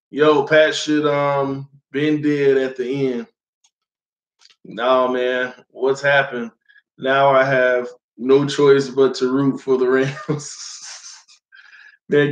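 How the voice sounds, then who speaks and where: Slightly hoarse male stream host. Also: medium pitch, reverberant, muffled recording. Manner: greets viewers by name, slangy and loose; gets loud and heated when arguing a point. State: slightly hoarse, losing his voice. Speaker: host of a live fan stream. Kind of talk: casual live-stream chat.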